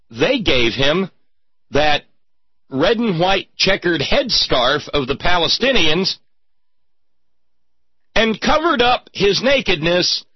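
Sarcastic husky-voiced male commentator. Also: high voice, dry recording, lo-fi sound. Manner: sarcastic, mocking, theatrical emphasis. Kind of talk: sarcastic political commentary monologue.

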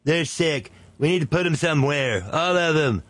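A man's voice: a little high, expressive, normal speed, a bit bright, no room sound, pitched above the performer's own voice. A man putting on an impression of a blustering male politician, with blunt, clipped declarations.

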